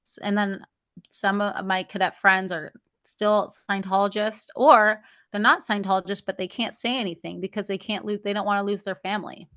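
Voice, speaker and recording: A woman's voice: medium pitch, steady tone, moderate pace, fairly bright tone, no echo, highs cut off. A woman guest on an interview podcast, chatty and full of "like"s, who acts out the dialogue she quotes while telling her story. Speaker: guest, memoir author.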